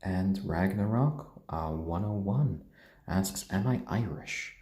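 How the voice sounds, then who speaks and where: A man with a mixed British and American accent, chatting gently on a live stream and cooing to his pets. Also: low-pitched, takes it slowly, echoey room. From born in Tokyo, raised British and American. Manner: gentle, soft-spoken, coos at pets. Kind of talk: casual live-stream chat.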